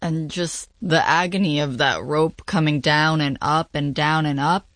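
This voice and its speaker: Interviewer, mid-pitched voice, short follow-up questions. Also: steady tone, a little slow, fairly bright tone. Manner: asks brief follow-up questions.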